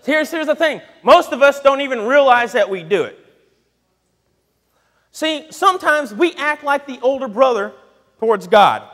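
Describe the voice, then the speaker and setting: A man's voice: very high-pitched, lively intonation, moderate pace, long pauses, a bit bright. A young man delivering a sermon in a church, joking and talking straight to the congregation. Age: young adult. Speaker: preacher. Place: church sanctuary. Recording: long church reverb.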